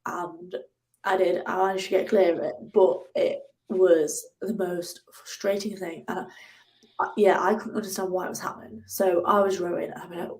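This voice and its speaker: Animated young woman telling a story. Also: normal speed. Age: 20s. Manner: animated, acts out her own angry outbursts in a higher voice. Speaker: guest, ocean rower. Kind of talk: casual interview storytelling.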